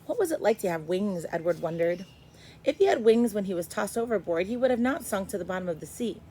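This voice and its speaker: A woman teacher reading a chapter book aloud to first graders, expressive and stopping to explain. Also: mid-range voice, fast talker, husky, poor audio. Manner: expressive, stops to explain to kids.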